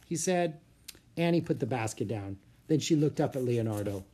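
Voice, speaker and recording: A reader narrating a children's storybook aloud with an expressive, lively delivery. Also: mid-range voice, moderate pace. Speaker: audiobook reader.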